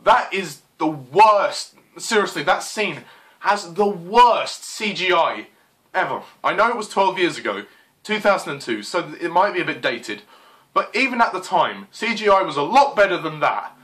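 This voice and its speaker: A film reviewer in full rant mode, a man who swears freely and keeps stumbling through fillers. His voice sits a little high and sounds bright and forward, and his pitch leaps around as he gets worked up. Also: sing-song, moderate pace. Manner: exasperated, swearing, lots of fillers.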